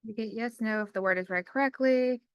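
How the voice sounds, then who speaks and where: A woman who works in special education, giving a casual screen-recorded demo lesson and reading her typed prompts aloud slowly. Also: a little high, clear, resonant tone, no echo, dull audio. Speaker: special education teacher trainer.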